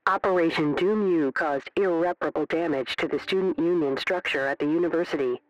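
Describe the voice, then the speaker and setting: Reader voicing an automated male military broadcast, flat announcement, broken radio transmission, muffled distant sound. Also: deep voice, a little fast. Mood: announcing.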